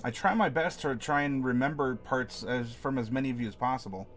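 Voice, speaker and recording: A man's voice: mid-range voice, a little fast, a bit bright, faint music behind. A man hosting a live stream from his home desk, chatting casually with viewers and answering the chat aloud in a rambling way. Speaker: streamer host.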